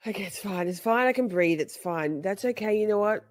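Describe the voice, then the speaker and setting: A woman's voice: medium pitch, expressive, fairly quick, few pauses, no room sound, clean studio sound. A woman hosting a live stream, chatting casually with viewers. She is playful, laughs often, swears freely and talks straight to her audience. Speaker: livestream host.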